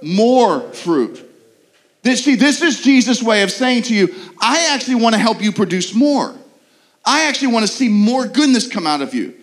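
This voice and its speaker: A man delivering a sermon in a fairly high voice. He preaches earnestly, tossing out rhetorical questions and stumbling through quick repeated restarts as he builds his point. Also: big pitch swings. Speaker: pastor.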